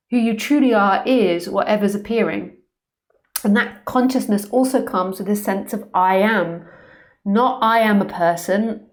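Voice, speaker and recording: A woman spiritual teacher giving a live-streamed talk from a room at home, earnest and searching, pausing often. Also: medium pitch. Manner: earnest, searching, with pauses and ums.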